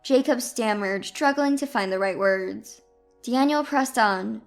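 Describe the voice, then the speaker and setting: Female narrator, composed first-person storytelling, higher voice, faint music bed. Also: a little slow, creaky.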